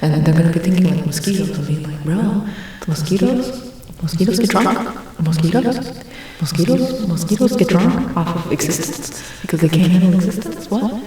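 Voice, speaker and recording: A woman's voice: on the low side, normal speed, warm tone, distant mic, a little hiss or hum, natural voice. A woman playing a laid-back groovy 1960s hippie man in an ASMR role-play, rambling and drawling. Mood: spacey. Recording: echoey room, off mic.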